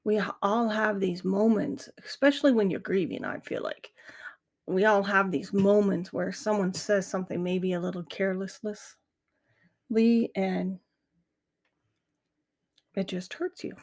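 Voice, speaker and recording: A woman's voice: medium pitch, measured pace, long pauses. A middle-aged woman hosting a grief podcast, talking candidly and earnestly in a reflective monologue. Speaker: podcast host. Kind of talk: casual monologue.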